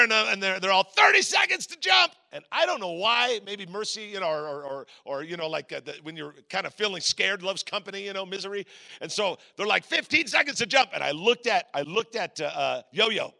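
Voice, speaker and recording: Male pastor, 40s, gravelly and very bright; lively storyteller who acts out voices and breaks into shouts. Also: sits high. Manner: animated storyteller acting out voices, sudden shouts. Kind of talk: storytelling sermon.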